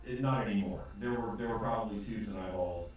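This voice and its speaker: Rambling game master in an echoey room. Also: male voice, fairly low pitch, fast talker. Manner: rambling, hesitant, full of ums. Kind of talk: narrating a tabletop game. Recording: echoey room, distant mic, faint noise.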